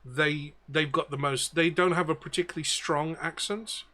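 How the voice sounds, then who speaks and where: A man's voice: on the high side, steady tone, moderate pace, bright, forceful tone. A man talking as game master, chatting casually out of game and explaining things in a rambling way.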